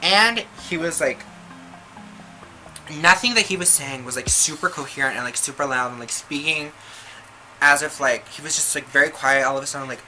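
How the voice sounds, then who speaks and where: A woman's voice: low-pitched, normal speed, pushed and bright, poor audio. A young woman vlogger telling a casual storytime, chatty and swearing, with constant filler words. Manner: chatty, filler-heavy, profane. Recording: music playing behind the voice.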